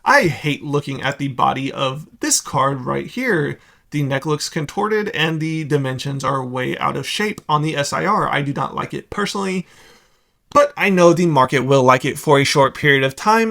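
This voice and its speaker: A man's voice: medium pitch, lively intonation, vocal fry, bright, forceful tone. A young man hosting a card-collecting video, giving blunt, sarcastic market commentary in a casual, opinionated way. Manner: blunt, sarcastic, rapid asides.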